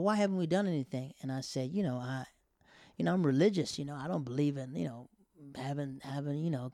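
A young man tells a personal story casually, acting out quoted lines with sudden loud, high bursts and dropping to near whispers for embarrassed asides. The recording is dry and studio quality.

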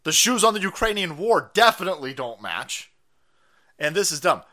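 A man hosts a live stream in a loud, profane rant, mocking as he goes and breaking into laughter. His voice sits a little high and swings widely up and down. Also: sing-song, moderate pace. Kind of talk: ranting live-stream commentary.

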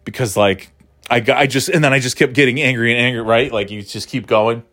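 A middle-aged man hosting a podcast and telling stories casually, rambling and swearing, and jumping into a high shout when he acts out his own outbursts. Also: brisk, dry recording, studio quality. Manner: rambling and profane, with frequent fillers. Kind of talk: casual comedic storytelling.

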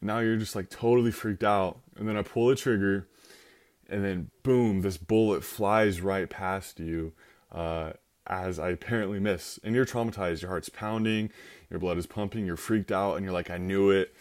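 A man's voice: low-pitched, steady tone, moderate pace, a little mellow. A man giving an informal Christian teaching talk, conversational and acting out little scenarios with quoted voices.

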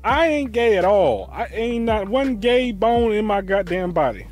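Loud and animated yet unhurried, a high-pitched host delivers profane reaction commentary, his voice swinging widely as he rants and swears freely. Faint music sits in the background.

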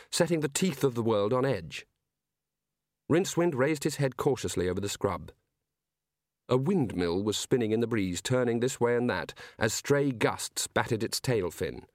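A man's voice: medium pitch, dry recording. Dry-voiced male audiobook narrator. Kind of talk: scripted narration.

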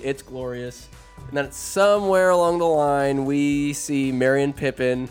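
A man retelling a movie in a loose, crude, joking way, as a comedic host. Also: fairly high pitch.

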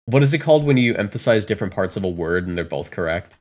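Deadpan joking podcast man. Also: on the low side, fast. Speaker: podcast co-host. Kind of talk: casual chat.

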